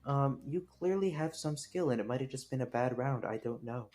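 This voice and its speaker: A man voicing a blunt female surf competition judge who talks in a halting, hesitant way. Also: mid-range voice, expressive, a little mellow, natural voice. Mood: dismissive. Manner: hesitant, halting delivery with fillers. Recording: clear background music.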